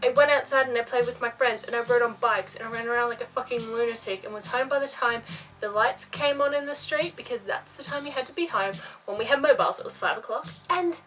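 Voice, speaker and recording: Young woman vlogger in her twenties, high voice, sits back from the mic with faint music underneath; animated, sweary rant. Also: fast, recorded from a distance, poor audio. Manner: animated and profane, ranting with mocking asides. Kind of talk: casual ranting vlog. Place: home room by a bookcase.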